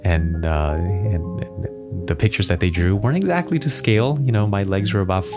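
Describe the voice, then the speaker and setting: A man in his thirties co-hosting a podcast, telling a family anecdote in a relaxed chatty way, chuckling and putting on playful voices for his children. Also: deep voice, moderate pace, music in the background. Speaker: podcast co-host. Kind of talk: casual podcast storytelling.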